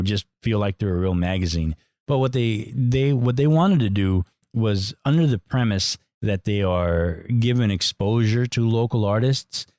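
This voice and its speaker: Blunt, profane low-voiced man ranting. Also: no echo, clean studio sound. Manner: blunt and profane, animated rants. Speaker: podcast host. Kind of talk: casual opinionated monologue.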